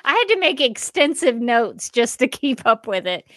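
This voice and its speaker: A woman from the southern United States, co-hosting a casual chat and talking haltingly with lots of "uh" fillers. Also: on the high side, sing-song, fairly bright tone, no room sound. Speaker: podcast co-host.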